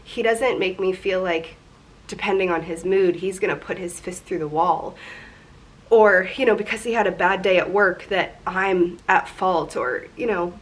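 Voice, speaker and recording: A woman's voice: on the low side, normal speed. A woman in her twenties talking candidly and emotionally in a personal confessional vlog, rambling a little as she goes. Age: 20s. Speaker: vlogger.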